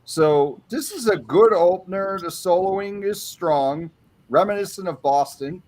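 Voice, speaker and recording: A man's voice: high-pitched, animated, a little slow, darkish tone. A man on a panel, going through an album track by track and giving his opinions in a casual way.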